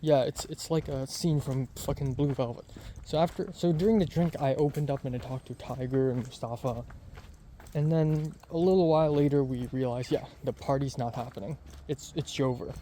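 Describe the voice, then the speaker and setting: Twenty-something guy rambling through a story for his vlog, chatty, lots of likes and ums, mellow voice, faint birds outside. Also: medium pitch, steady tone, moderate pace, slight background noise. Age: 20s. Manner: rambling, chatty, many fillers. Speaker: vlogger.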